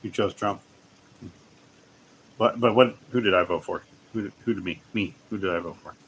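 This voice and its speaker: Male streamer, lowish voice, rambling casual chat, faint hiss behind. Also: normal speed. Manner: rambling, self-interrupting, laughs often. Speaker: livestream host. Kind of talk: casual livestream chat while gaming.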